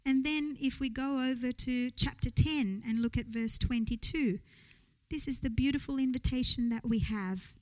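A woman's voice: high voice, normal speed, low-quality recording. A woman preaching a sermon in church, earnest, building to rising rhetorical questions.

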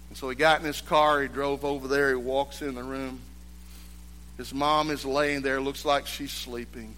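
A man preaching a sermon, moving between loud, emphatic exhortation and hushed, quiet storytelling. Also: medium pitch, little pitch movement, normal speed, slight background noise.

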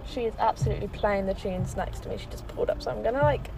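A woman's voice: mid-range voice, quick pace, creaky, heavy background noise. A young woman with an English accent, chatting and rambling through stories as a podcast host while sitting in a parked car. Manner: chatty and rambling, lively storytelling. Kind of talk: casual chat.

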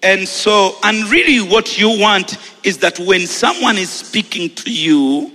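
A Ugandan man preaching a sermon, shouting and repeating phrases with exuberance, then settling into a relaxed storytelling tone. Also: high-pitched, a little slow, big-room sound.

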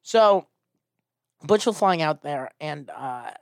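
A man, a stand-up comedian, telling a casual, animated story and acting out the people in it. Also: on the high side, slow pace, creaky, clean tone, dry recording, clean studio sound. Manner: animated, acts out quoted voices.

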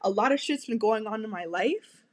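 Podcast host lady, high voice, swears a lot, keeps repeating herself. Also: expressive, moderate pace. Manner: blunt, profane and repetitive. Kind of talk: casual podcast rant.

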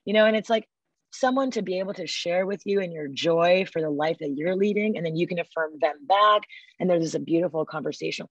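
A woman guest speaking on a podcast interview. She talks with enthusiasm and acts out little quotes in a lively way. Her voice sits a bit low and comes through a dull, dry remote line. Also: a little fast, no room sound. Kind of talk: casual interview talk.

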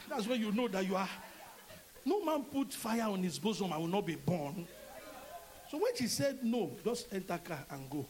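High-voiced Nigerian pastor preaching. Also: male voice, normal speed, a little hiss or hum, rough recording. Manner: animated preaching, acts out dialogue in changing voices. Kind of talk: sermon.

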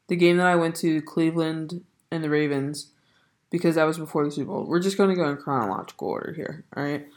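A young woman from the Baltimore area hosting a casual podcast, stuffy and nasal, rambling excitedly and swearing casually. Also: deep voice. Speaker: podcast host. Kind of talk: casual chat. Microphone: studio mic.

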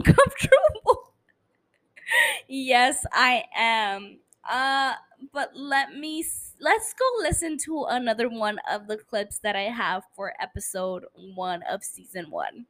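A tipsy woman with a non-native English accent, hosting a podcast in a blunt, profane, animated casual monologue. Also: on the high side, takes it slowly. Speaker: podcast host.

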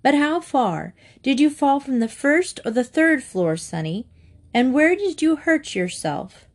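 A woman voicing a busy mother of four who speaks briskly and firmly. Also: sits high, big pitch swings, voice pushed up, exaggerated voice. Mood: exasperated. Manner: brisk and firm.

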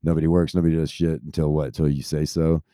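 A man's voice: rumbling low, flat delivery, fast talker, mellow, no echo, clean studio sound. A man in his thirties who grew up in Texas, ranting casually in a rambling, profane stream. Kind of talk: casual rant.

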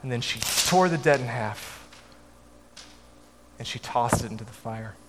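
A man telling a family story to an audience in a measured way, with his voice dropping softly at the ends of lines. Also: mid-range voice. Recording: echoey hall, faint background noise.

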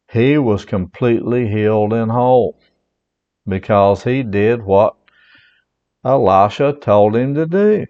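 A man's voice: medium pitch, darkish tone, muffled recording. Man preaching a homespun Bible lesson. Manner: conversational, retells scripture in his own words. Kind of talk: Bible teaching sermon.

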